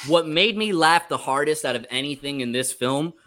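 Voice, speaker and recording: A man's voice: fairly high pitch, moderate pace, bright, forceful tone. A man joking in a laid-back way as a guest on a casual sports podcast. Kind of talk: casual chat.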